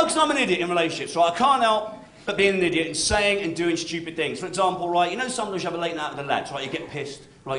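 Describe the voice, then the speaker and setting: A man working a stand-up set, chatty and forever checking in with "right?". His pitch swings widely as he performs, and the voice sits slightly high for a man. The sound is roomy and echoey, with a faint hum of the venue behind him. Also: a bit bright. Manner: chatty, keeps tagging lines with "right?". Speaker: stand-up comedian. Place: comedy club stage with live audience. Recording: roomy club recording.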